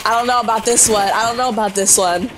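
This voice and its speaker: A woman's voice: fairly high pitch, steady tone, fast talker. A young woman hosting a gameplay segment, reacting in panicky, laughing bursts while she plays. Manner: panicky, yelping, laughing asides. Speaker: game show host. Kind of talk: excited gameplay commentary. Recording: voice with game music behind.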